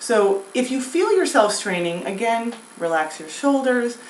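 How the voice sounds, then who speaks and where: A woman vocal coach giving a singing lesson, explaining breath and throat exercises in a relaxed, chatty way and demonstrating sung scales. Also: a little high, unhurried, recorded from a distance. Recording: echoey room with faint noise.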